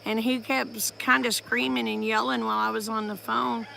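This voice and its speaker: A woman from with a drawl tells a family story to her live-stream viewers in a loose, rambling way, stopping now and then to greet people. Her voice sits a bit high and sounds bright and edgy, with a gravelly fry. Crickets chirp faintly in the background. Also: little pitch movement, moderate pace, a little hiss or hum. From Oklahoma, USA.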